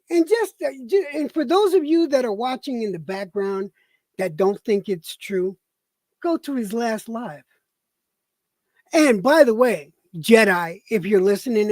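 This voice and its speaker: A woman's voice: fairly high pitch, a little mellow, dry recording. A woman streamer on a live broadcast, delivering an angry, profane rant full of stammered repetitions.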